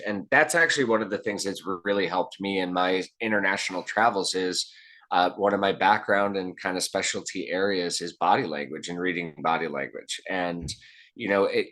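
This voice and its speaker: A man with a very low, deep voice talks as an interview guest. He is earnest and reflective, circling back and restarting his sentences as he works through an idea. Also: a little fast, a bit bright. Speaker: guest, keynote speaker. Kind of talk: conversational interview answers.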